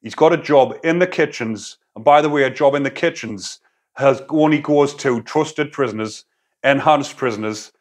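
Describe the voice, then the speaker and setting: A man's voice: medium pitch, normal speed. A man, a former prisoner, giving a blunt, casual opinion monologue full of prison slang. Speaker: YouTube commentator, former prisoner.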